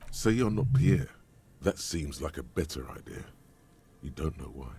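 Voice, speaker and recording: A man narrating a game in a measured, dry manner. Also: very deep voice, animated, very noisy, full character voice. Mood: grave. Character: omniscient game narrator, grave and wry.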